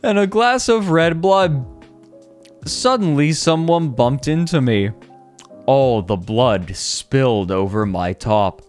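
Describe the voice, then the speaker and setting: Slow deadpan man reading on stream. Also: medium pitch, faint music behind. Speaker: streamer reading a fanfic aloud. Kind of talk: comedic dramatic reading on a livestream.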